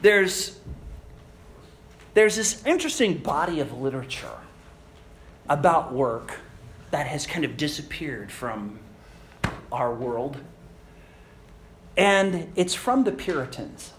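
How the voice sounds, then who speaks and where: Preacher, man, high and very expressive pitch, animated storyteller in the pulpit. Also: takes it slowly, long pauses, a little hiss or hum. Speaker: pastor. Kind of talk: sermon.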